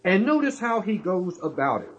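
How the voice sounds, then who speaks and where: A male preacher with a high voice that swings widely as he stresses each point. He keeps hammering the same words again and again and throws rhetorical questions at the congregation. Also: sing-song, moderate pace, highs cut off, a little hiss or hum. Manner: emphatic, repetitive, asks rhetorical questions. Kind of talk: sermon.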